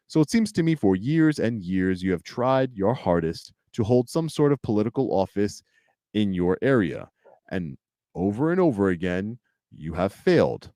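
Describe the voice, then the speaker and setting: A man's voice: on the low side, dark tone, no echo, studio quality. A man from Long Island, hosting a commentary video in a sarcastic, lecturing way. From Long Island, New York. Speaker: channel host.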